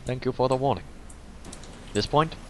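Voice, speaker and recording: A man chatting through a video game session with friends. He jokes and laughs often, in a playful tone. His pitch sits right in the middle. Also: moderate pace, fairly bright tone, a little hiss or hum. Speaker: game player. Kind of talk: casual gaming commentary.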